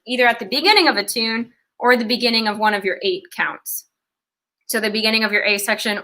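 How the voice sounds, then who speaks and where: A woman's voice: mid-range voice, bright, forceful tone. A young woman giving an online fiddle lesson, explaining ornaments step by step and counting beats aloud. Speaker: fiddle teacher. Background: fiddle playing.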